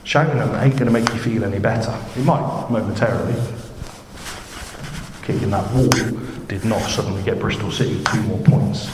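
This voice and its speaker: Chatty preacher in an echoey hall. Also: male voice, on the low side, brisk. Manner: chatty, conversational, asks the congregation questions. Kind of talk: informal sermon. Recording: echoey hall with background noise.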